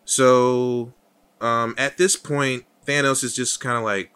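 A man's voice: medium pitch, slow, clear, resonant tone. A man co-hosting a podcast, chatting casually and profanely about a movie and acting out the characters' lines. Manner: profane, animated, acts out quotes. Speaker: podcast co-host.

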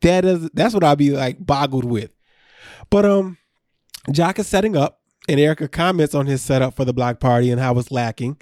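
Man, podcast co-host, casual chat, laughs a lot, warm tone, dry close sound. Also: fairly high pitch, normal speed, no room sound. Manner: laughs often, loose and conversational. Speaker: podcast co-host recapping a reality show.

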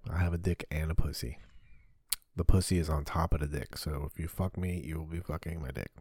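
A man's voice: extremely low pitch, fairly even intonation, fairly quick, a little mellow, breathy edge, dry recording, studio quality. A man hosting his own podcast alone, rambling and swearing through self-deprecating comedic confessions. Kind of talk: solo comedic confessional talk.

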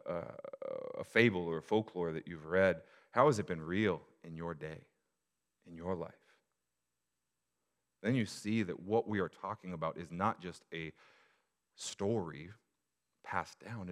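A male pastor preaching a sermon to his church, moving from quiet reflection to loud, emphatic appeals. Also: deep voice, a little slow.

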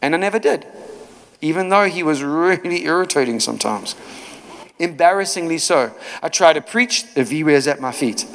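A man preaching a sermon in a church, telling stories in an animated way with many asides. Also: a little high, moderate pace, vocal fry. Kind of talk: storytelling sermon. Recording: long hall reverb.

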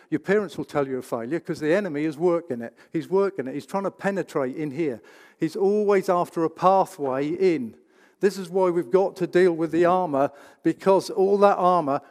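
A man preaching a sermon in a church, emphatic and full of rhetorical questions. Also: sits high. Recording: reverberant church hall.

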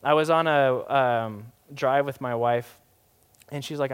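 A young adult man preaching a sermon as pastor, swinging from emphatic to hushed and slowing down for key phrases. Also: mid-range voice, clean tone.

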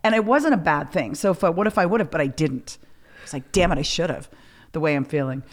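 A middle-aged woman hosting a casual chat, telling a story in a lively way, swearing freely and acting out what people said. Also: low voice, fast talker. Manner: animated, swears freely, acts out quotes. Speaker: podcast host.

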